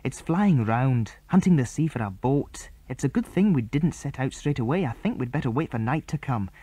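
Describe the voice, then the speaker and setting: A man's voice: medium pitch, lively intonation, moderate pace, warm tone, breathy edge, no room sound. A man doing a firm lad in charge. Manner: firm and decisive. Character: steady older boy, responsible leader.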